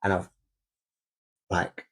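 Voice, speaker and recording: A young man, co-hosting a candid podcast about fatherhood and swearing freely as he talks. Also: drawn-out words. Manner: swears freely, re-enacts scenes loudly. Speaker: podcast co-host.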